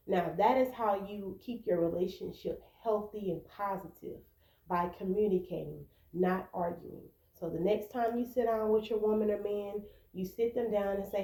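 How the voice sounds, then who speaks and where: A woman's voice: medium pitch, moderate pace, dark tone, reverberant, poor audio. A woman vlogger talking to camera, giving earnest relationship advice and acting out quoted arguments. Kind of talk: casual advice talk to camera.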